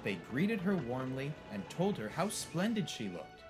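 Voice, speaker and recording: A man giving scripted, expressive storybook narration. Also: fairly high pitch, measured pace, over music. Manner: expressive, animated.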